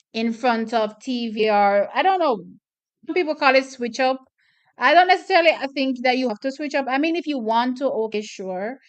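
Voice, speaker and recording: A woman calls races and chats through a track meet watch party in a fairly high, smooth and clear voice. She is opinionated and chatty, circling back to hammer her points home. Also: muffled recording. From Jamaica. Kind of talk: casual live track commentary.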